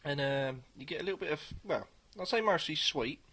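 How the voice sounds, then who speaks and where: A man's voice: fairly high pitch, animated, sharp tone, slightly rough. Rambling man reviewing beer. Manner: rambling, hesitant, many pauses. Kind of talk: casual beer tasting review.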